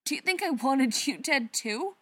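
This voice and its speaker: A woman voicing a fierce young werewolf woman who yells and swears in outrage. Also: high voice, lively intonation, normal speed, pitched above the performer's own voice. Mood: weary, bitter.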